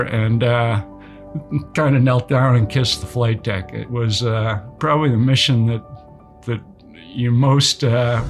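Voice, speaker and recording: An older man, a retired naval aviator, recounting a combat mission in a relaxed storytelling way with many fillers. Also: mid-range voice.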